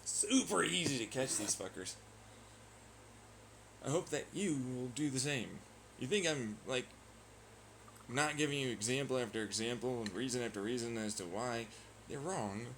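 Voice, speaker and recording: A man's voice: medium pitch, moderate pace, pauses often, a bit bright, a little hiss or hum, poor audio. A man vlogging in a profane, sarcastic and taunting rant. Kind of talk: ranting monologue.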